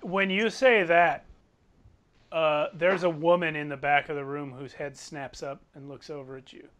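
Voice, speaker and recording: A man with a slightly high-pitched voice runs a tabletop game as game master. He describes the scene at length and walks the players through the pieces on the table. His tone is descriptive and lightly amused. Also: fairly even intonation, moderate pace, fairly bright tone.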